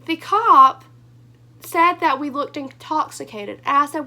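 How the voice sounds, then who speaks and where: A young woman vlogger with a high, bright, hoarse voice. She rambles through her story, animated and full of fillers. Her telling is quick and energetic. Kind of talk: storytime vlog.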